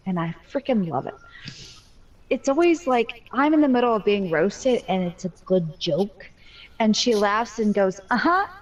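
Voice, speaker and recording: A woman's voice: medium pitch, low-quality recording. A mother telling her story in a casual voice chat, candid and talkative with a joking streak.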